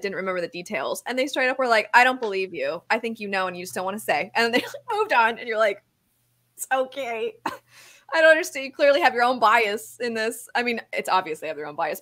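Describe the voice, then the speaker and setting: Animated woman on a book club call. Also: fairly high pitch. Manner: animated, laughs often, trails off and restarts. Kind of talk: casual video call book discussion.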